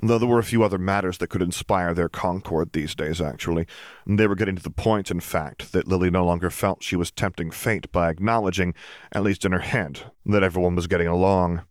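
A man narrating a fantasy story in a steady, even reading. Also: sits low, fairly quick, no echo, clean studio sound. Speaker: audiobook narrator. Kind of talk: fan fiction audiobook reading.

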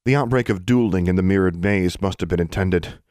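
A man with a very deep voice reads a fantasy audiobook in a steady, measured way. The sound is dry and close, with no room around it. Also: smooth, no echo. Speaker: audiobook narrator. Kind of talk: scripted narration.

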